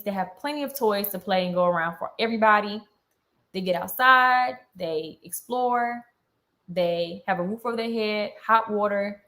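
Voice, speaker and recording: A young woman vlogger ranting heatedly on a live stream, indignant and fast-talking, with features. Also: mid-range voice, fairly bright tone.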